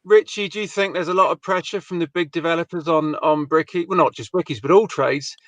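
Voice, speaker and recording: A man's voice: a little high, brisk, no echo. Chatty male show host. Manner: chatty, reads viewer comments aloud. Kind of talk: live-stream chat with guests.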